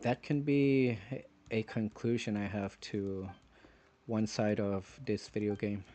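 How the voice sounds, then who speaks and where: Male streamer, low and dark-toned, unhurried, rambling philosophical commentary. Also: fairly even intonation, slight background noise. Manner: rambling, philosophical, halting phrases. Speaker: gaming streamer. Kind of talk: reflective gameplay commentary.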